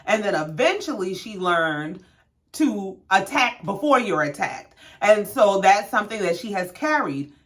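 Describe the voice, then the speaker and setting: A woman's voice: medium pitch, measured pace. Sassy woman recapping reality TV. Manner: sassy, slangy, animated storytelling. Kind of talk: casual recap commentary.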